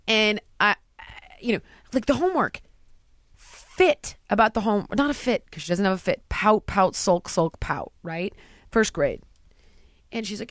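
A woman in casual chat, telling stories in an animated way and acting out what people said. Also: medium pitch, no echo, studio quality. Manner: animated storytelling, acting out quotes.

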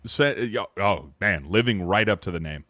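Profane excitable man, dry mic. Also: on the low side, normal speed, no room sound. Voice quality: profane, restarts often. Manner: excitable, loud outbursts when mock-outraged. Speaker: podcast host. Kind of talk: casual sneaker podcast chat.

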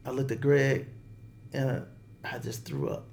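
A middle-aged man telling a story as an interview guest, animated and repeating words as he gets going. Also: mid-range voice, measured pace, gravelly, a little hiss or hum. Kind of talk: casual storytelling.

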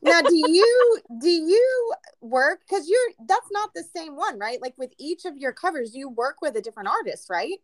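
A woman's voice: high-pitched, animated, moderate pace, hardly any pauses, no room sound. A woman hosting a podcast interview, enthusiastic and gushing, with long rambling questions. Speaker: podcast host. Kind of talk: casual interview chat.

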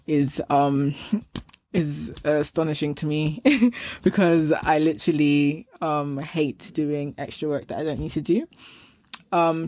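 A woman's voice: low-pitched, a little mellow, no room sound, clean studio sound. A young woman hosting a casual solo podcast, chatty and self-mocking, often acting out her past self in quoted asides. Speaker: podcast host.

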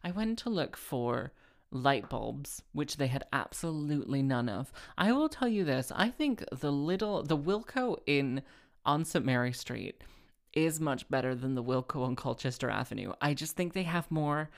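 A woman's voice: deep voice, lively intonation, normal speed. A woman rambling casually to her listeners, full of fillers, restarts and wry asides. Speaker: podcast host and singer.

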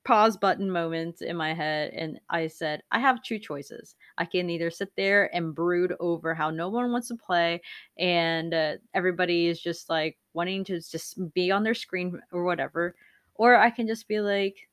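A woman in her thirties hosting a podcast, telling candid rambling stories with frequent laughs and loud acted-out quotes. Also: fairly low pitch, moderate pace, no room sound, clean studio sound. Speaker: podcast host. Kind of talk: casual chat.

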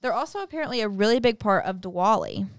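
A woman's voice: medium pitch, lively intonation, no echo, clean studio sound. A woman co-hosting a podcast, chatting casually and laughing often. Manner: amused, quick to laugh. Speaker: podcast co-host. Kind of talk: casual chat.

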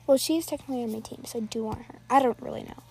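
A woman's voice: fairly high pitch, rapid-fire, vocal fry, dark tone, faint music behind. A woman giving live, rambling commentary while playing an online game, nervously narrating every move aloud.

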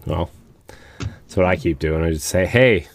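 A man hosting a casual podcast chat, relaxed and chatty, laughing easily. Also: low voice, moderate pace, no room sound. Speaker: podcast host.

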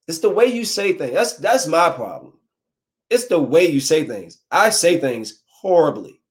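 A young adult man in a casual, preachy rant of dating advice, slangy and animated, slipping into quick mock voices. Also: fairly high pitch. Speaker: vlogger giving dating advice.

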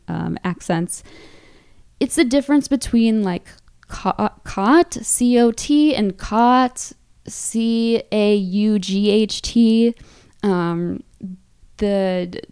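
A woman's voice: mid-range voice, mellow, clean tone. A woman from the American Midwest hosting a casual solo podcast, rambling with many ums and trailing restarts, chatty and self-amused. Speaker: podcast host.

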